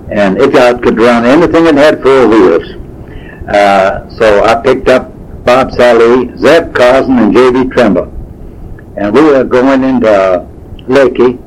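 A man, telling folksy stories from his past in a rambling, unhurried way. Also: mid-range voice, poor audio. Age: 80s. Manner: folksy, unhurried, drifting with fillers and self-corrections. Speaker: storyteller. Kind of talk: rambling spoken reminiscence.

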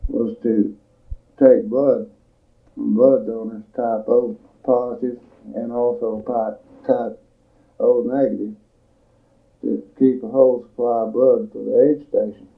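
An older man tells his recollections in a plain, unhurried way with frequent pauses. His voice is gravelly and stays on an even, flat pitch. The recording sounds thin and tinny, like an old tape played over a phone line. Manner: plain-spoken storytelling, measured with pauses. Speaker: veteran giving oral history. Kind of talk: recorded oral history recollection.

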